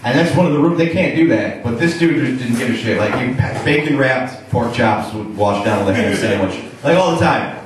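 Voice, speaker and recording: Rambling young stand-up in an echoey club. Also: male voice, medium pitch, lively intonation, brisk, hardly any pauses, noisy background. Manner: loose, rambling delivery full of "like" and swearing. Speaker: stand-up comedian. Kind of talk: stand-up set. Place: comedy club stage, live show. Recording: echoey club taped from far off, audience laughter.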